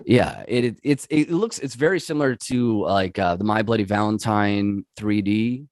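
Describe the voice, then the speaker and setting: A man hosting a podcast, casually recapping a horror movie in a halting, rambling way. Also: on the low side, no room sound, studio quality. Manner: rambling, halting with fillers and restarts. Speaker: podcast host recapping a film.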